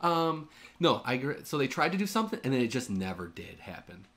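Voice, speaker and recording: A man's voice: mid-range voice, big pitch swings, a little fast, a bit bright. A young man co-hosting a podcast, casual and teasing, with lots of fillers. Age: young adult. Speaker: podcast co-host. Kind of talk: casual chat.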